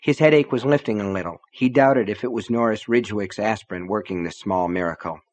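A man reading an audiobook as the narrator, with a measured, even delivery. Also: fairly low pitch. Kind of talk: scripted narration.

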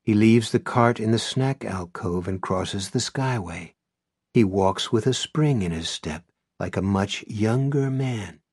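A man narrating an audiobook in a measured, low-key way. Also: a little mellow, slightly rough, no echo, clean studio sound. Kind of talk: scripted narration.

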